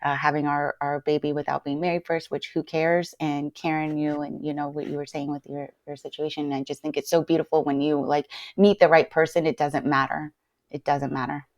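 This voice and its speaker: A woman co-hosting a podcast, talking in a halting, heartfelt way and repeating her words. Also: sits low, flat delivery, no echo. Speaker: podcast co-host. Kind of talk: casual podcast chat.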